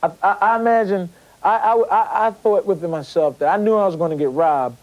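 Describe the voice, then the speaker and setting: A man's voice: high voice, brisk, poor audio. A man, a former boxer, telling his story in an interview. He stumbles and repeats words as he acts out what people said to him.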